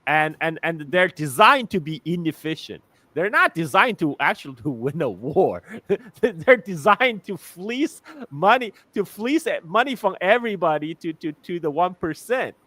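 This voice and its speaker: A man's voice: fairly high pitch, very animated, moderate pace, hardly any pauses, sharp tone. A man talks as a guest on a live stream, blunt and sarcastic, often laughing. He keeps repeating and restarting his words. The sound is dry and close, with no room echo. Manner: frequent word repetitions and restarts. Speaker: guest commentator.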